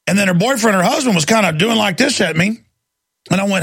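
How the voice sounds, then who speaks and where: Gravelly ranting male radio host. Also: lively intonation, fast. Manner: shouting and ranting, voice climbing high when angry. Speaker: radio talk show host. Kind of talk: angry on-air rant.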